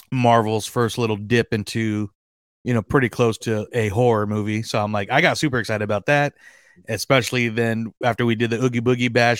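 A man hosting a fan podcast in casual chat, excitable and rambling, with lots of fillers and restarts. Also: mid-range voice, clear, resonant tone, no echo, studio quality. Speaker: podcast host.

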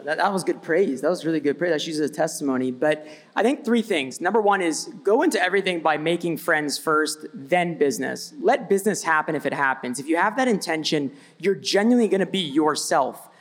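High gravelly-voiced man telling stories. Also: fairly quick, few pauses. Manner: energetic, blunt, anecdotal. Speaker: brand founder, panelist. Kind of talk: live panel storytelling. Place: event stage before live audience.

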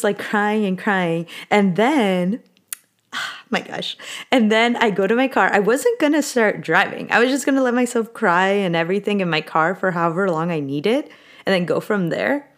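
A podcast host in her late twenties with a medium-pitched voice tells a personal story candidly and with emotion, sprinkling in Spanish words.

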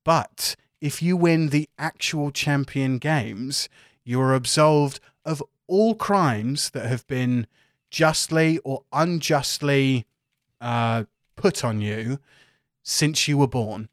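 A man narrating a tabletop game as game master in a relaxed, hesitant way. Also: mid-range voice, takes it slowly, no echo, studio quality.

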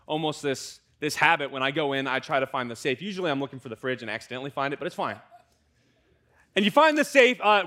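A young American man, a student pastor, preaching a conversational sermon with lively asides to the congregation. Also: mid-range voice. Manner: conversational, animated preaching with fillers and audience asides.

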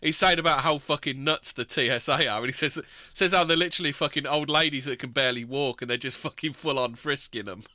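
Sarcastic, bright-voiced man. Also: fairly high pitch, fast talker, few pauses, no room sound, clean studio sound. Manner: sarcastic, laughs often, swears a lot. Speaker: podcast host. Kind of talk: casual chat, reading news aloud.

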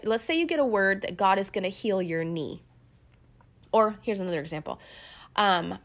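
A woman giving an earnest, conversational faith teaching built on personal stories, with many fillers and restarts. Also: medium pitch. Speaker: Christian teacher.

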